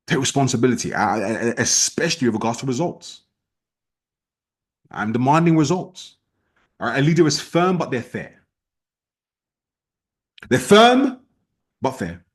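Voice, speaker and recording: A man leading an online sales team training, talking in a forceful, repetitive, challenging way. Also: medium pitch, lively intonation, moderate pace, long pauses. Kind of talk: motivational training talk.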